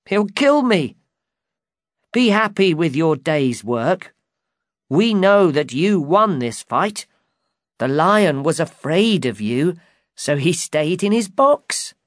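Male reader as a scared carter, high and pleading, storybook voice. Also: very animated, slow pace, no room sound, studio quality. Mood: fearful. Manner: pleading, fearful. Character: frightened cart driver, a working man. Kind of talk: storybook reading.

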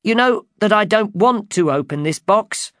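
A man voicing a frightened cart driver who pleads in a high, strained voice in a storybook reading. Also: expressive, takes it slowly, no room sound, clean studio sound. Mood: pleading. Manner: pleading, fearful.

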